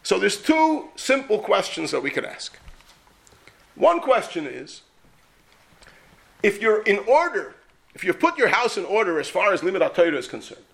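A rabbi teaching a Torah class speaks in a high, creaky, fairly bright voice. His lecture is emphatic and full of rhetorical questions, with Yiddish and Hebrew terms woven into his English.

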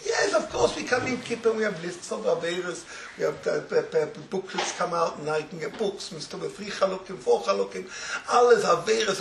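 A man who teaches religious students, giving an informal Torah talk as an animated storyteller who laughs through his words and drops in Yiddish phrases. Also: high-pitched, brisk, gravelly, slight background noise. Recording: roomy echo, faint ambience.

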